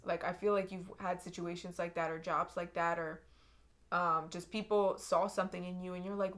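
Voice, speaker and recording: Woman, young adult, tarot reader, earnest, emotional, repetitive, lowish voice. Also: flat delivery, moderate pace. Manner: earnest, emotional, repeats and restarts phrases. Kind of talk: intuitive tarot reading to viewers.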